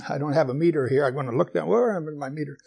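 A man's voice: fairly high pitch, rapid-fire, vocal fry, husky. Preaching man with a raised voice. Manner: asks the congregation questions, jokes gently. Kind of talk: sermon.

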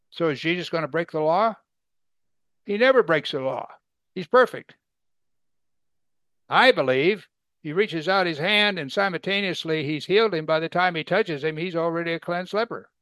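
A man's voice: sits high, normal speed, clear, resonant tone, no room sound. A man preaching a conversational sermon, asking rhetorical questions and acting out quoted voices. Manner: acts out quoted speakers with sudden loud excited bursts. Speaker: Bible teacher.

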